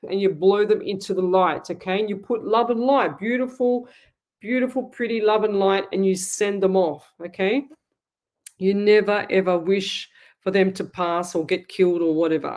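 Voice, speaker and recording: A middle-aged Australian woman with a medium-pitched, slightly mellow voice hosts a live psychic call-in radio show as a medium. She talks bluntly, scolds callers in a motherly way, and calls people lovey.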